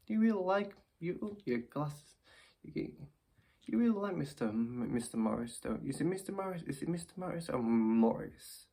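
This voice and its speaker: A woman, performing as a ventriloquist who gently teases her puppet and often stumbles over her words. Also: rumbling low, normal speed, vocal fry, slightly rough. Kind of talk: ventriloquist comedy act, talking to a puppet.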